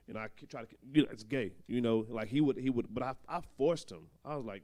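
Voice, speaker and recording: Mellow smooth-voiced young man, candid. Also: mid-range voice, quick pace. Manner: candid, laughing, loose and conversational. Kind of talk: casual panel discussion.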